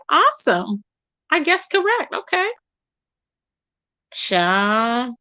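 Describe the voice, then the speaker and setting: A woman hosts a casual live stream, chatting animatedly, reading viewers' comments aloud, and calling them "child" and "baby." Her voice is a little high, and she speaks slowly with frequent pauses.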